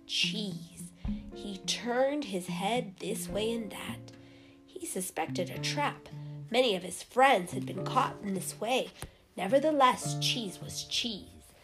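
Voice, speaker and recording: A woman reads a children's animal story aloud in a lively, expressive storyteller's voice. Her pitch sits in an ordinary middle range. Music plays clearly underneath her reading. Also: slow. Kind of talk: storybook narration.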